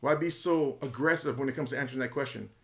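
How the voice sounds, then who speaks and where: A man's voice: mid-range voice, fast talker, a bit bright. A man talking casually and emphatically in a monologue, sharing his opinions as a retail investor commentator, often repeating himself and speculating.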